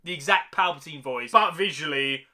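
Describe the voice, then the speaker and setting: A young man giving a casual, excited film review, full of slang, who keeps tagging sentences with "mate" and "man.". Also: on the high side, moderate pace.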